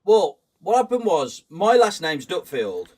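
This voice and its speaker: A man's voice: sits high, big pitch swings, measured pace, a little mellow, far from the mic. A young man, a guest on a game stream, telling a story in casual chat, rambling with restarts and laughing often.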